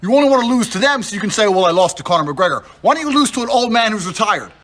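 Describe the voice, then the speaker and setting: A man hurls an aggressive, profane challenge, taunting his target. His voice is high and sharply forceful, with a tense edge throughout. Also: sing-song, rapid-fire. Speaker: internet personality. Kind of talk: confrontational callout rant.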